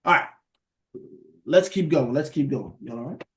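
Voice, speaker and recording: A man leading a Bible study in a casual preaching style, lively and conversational, often calling his listeners "beloved". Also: medium pitch, normal speed.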